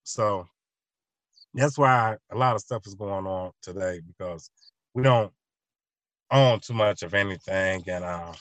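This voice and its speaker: A man's voice: lowish voice, a little slow, pauses often, a bit bright, dry recording. Rambling comic storyteller, a man, dry sound. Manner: acts out both sides of imagined conversations; loose, repetitive storytelling with many restarts. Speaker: show host.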